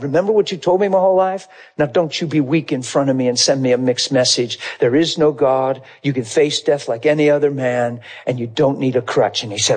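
A man's voice: medium pitch, breathy edge. A man preaching as a pastor, telling a personal story and acting out both sides of the conversation. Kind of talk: sermon testimony storytelling.

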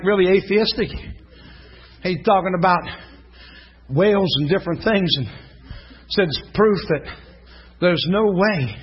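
A middle-aged male pastor preaching an animated sermon, telling stories with shouts and laughter. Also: on the high side, husky. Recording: dull lo-fi sound, faint congregation.

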